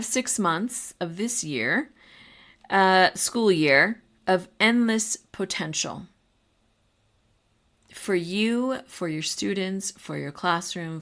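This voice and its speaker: A woman's voice: mid-range voice, fairly bright tone. A middle-aged woman hosting a podcast for teachers, talking in a casual, encouraging way with fillers and asides. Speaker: podcast host.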